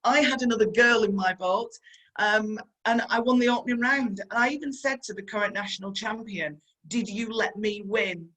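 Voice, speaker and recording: A middle-aged woman with a broad Yorkshire accent tells stories from her working life in a motivational talk. She sounds chatty and earnest. She repeats her key advice and turns to her listeners to address them directly. Her voice sits at an ordinary middle pitch. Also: normal speed, a bit bright, poor audio. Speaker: stunt performer and guest speaker.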